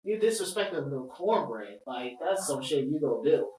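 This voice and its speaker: A woman's voice: low voice, big pitch swings, moderate pace, mellow, roomy sound, far from the mic, poor audio. A woman co-hosting a casual podcast, emphatic and profane, brushing off ideas she dislikes. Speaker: podcast co-host. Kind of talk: casual chat.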